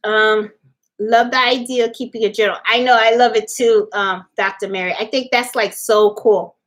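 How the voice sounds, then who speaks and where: A woman's voice: a little high, steady tone, moderate pace. A middle-aged woman from New York City with a New York accent, hosting a casual crafting livestream from home and chatting straight to her viewers in a meandering way. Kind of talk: casual live-stream chat with viewers.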